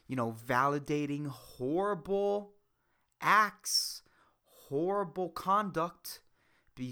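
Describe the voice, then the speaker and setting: A man hosting a solo comedy podcast, rambling and self-mocking, crude, with a high squeaky voice. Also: sharp tone, smooth. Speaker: podcast host.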